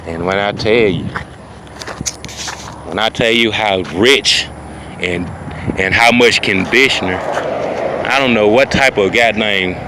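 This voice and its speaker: A man telling a rambling, boastful comic story, often turning to his listeners with "ladies and gentlemen.". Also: on the low side, noisy background. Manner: rambling, boastful, repeats "ladies and gentlemen" and "you know what I'm saying". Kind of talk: improvised comic storytelling monologue.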